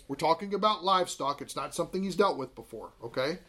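Fairly high voiced guy in his 30s teaching bible class, chatty and animated. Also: fast, hardly any pauses. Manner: conversational, animated storytelling.

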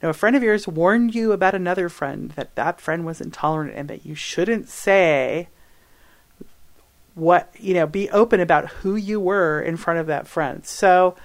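Animated woman answering listener questions. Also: lowish voice, normal speed. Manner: animated and emphatic, with laughs and self-corrections. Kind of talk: advice podcast.

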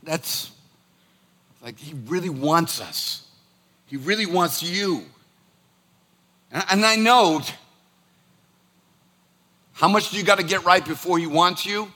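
A man preaching a sermon, telling stories in an animated, conversational way. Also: high voice, a little slow, pauses often. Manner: animated storytelling, acts out scolding his dog.

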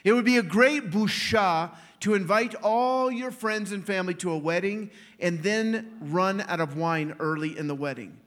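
A man preaching a sermon in a lively storytelling way, acting out the people he quotes and laughing often. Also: high voice, normal speed, few pauses. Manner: animated, acts out quoted voices, laughs often.

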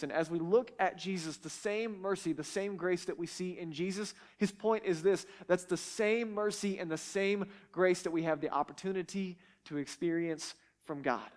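A man with a high, light voice teaching from the Bible. He speaks earnestly and emphatically, often stumbling over repeated words as he pushes ahead. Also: moderate pace, hardly any pauses.

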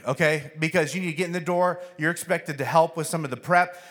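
A man's voice: fairly quick, few pauses. A man preaching a sermon, telling a funny story with acted-out voices. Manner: storytelling, acts out voices with animated pitch jumps. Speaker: pastor.

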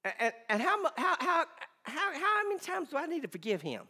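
A man's voice: extremely high pitch, huge pitch swings, a little fast, sharp tone, in a large hall, voice pushed up, heavily acted. A man voicing Peter as an earnest, fumbling man with a Southern US twang, stammering out pleading questions.

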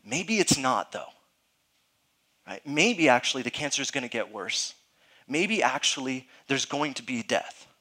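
A male pastor delivers a conversational sermon, earnest and emphatic, repeatedly checking in with his listeners. His medium-pitched, sharp-toned voice swings widely in pitch and moves a little slowly. He talks informally, with frequent fillers and restarts.

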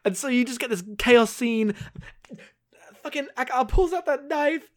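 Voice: high voice, normal speed. A podcast co-host chatting casually about a book, laughing a lot and swearing freely. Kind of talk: casual chat recapping a book.

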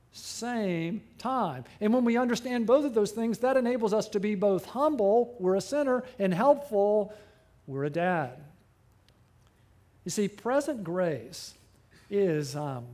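A middle-aged man preaching a sermon, animated, with big swings up and sudden drops. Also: high voice. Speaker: pastor.

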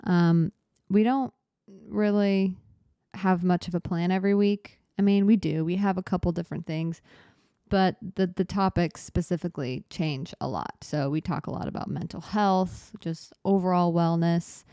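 A woman's voice: on the low side, fairly even intonation, normal speed, warm tone, clear, resonant tone, no echo, studio quality. A young woman in her twenties hosting a laid-back solo podcast, chatty and self-deprecating, a little out of breath as she rambles. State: slightly out of breath. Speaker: podcast host.

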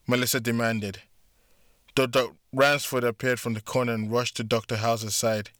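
A man narrating a story in a deliberate, steady way. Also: medium pitch, no room sound, studio quality. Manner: slow, deliberate. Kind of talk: scripted narration.

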